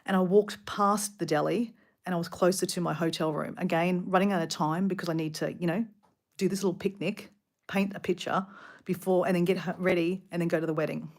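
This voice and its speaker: A middle-aged Australian woman rambling casually about her day, chatty and animated, full of asides. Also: lowish voice, a little fast. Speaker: vlogger. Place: hotel room.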